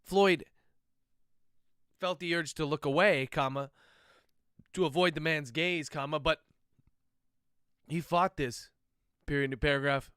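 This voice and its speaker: A man, an author, dictating his novel aloud in steady prose, speaking each punctuation mark as he goes. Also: fairly high pitch, measured pace, pauses often, clear, resonant tone, no echo, studio quality.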